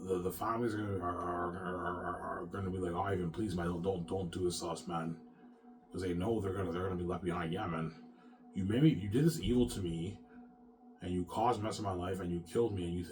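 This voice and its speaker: A man's voice: sits low, a little hiss or hum. A man rambling through a profane personal monologue, often stammering and repeating himself. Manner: repetitive, profane, stammering restarts. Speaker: vlogger.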